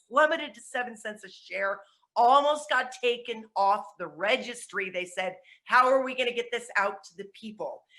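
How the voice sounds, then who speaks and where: A woman speaking from home on a video call, giving an energetic, chatty network-marketing presentation while sweaty and flustered. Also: a little high. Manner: energetic and chatty, laughing at herself. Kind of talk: motivational online presentation. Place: at home with dogs.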